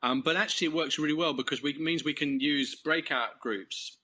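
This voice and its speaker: Bright-voiced Englishman telling a rambling story. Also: a little high, normal speed, slightly rough, poor audio. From England. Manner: rambling, self-correcting storyteller who chuckles often. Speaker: course leader. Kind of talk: interview guest, testimony.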